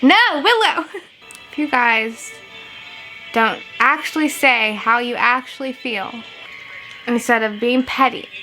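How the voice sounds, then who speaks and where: A young woman giving casual reaction commentary, animated, laughing often, swearing and talking back to the screen. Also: a little high, slow, pauses often, soft background music, poor audio. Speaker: show reactor. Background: episode soundtrack playing.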